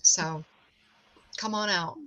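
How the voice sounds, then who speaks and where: A woman's voice: on the low side, pushed and bright. A middle-aged woman, a guest, telling stories in a chatty, joking way. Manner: chatty storyteller, quick to joke. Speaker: guest, ghost tour owner. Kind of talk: casual chat.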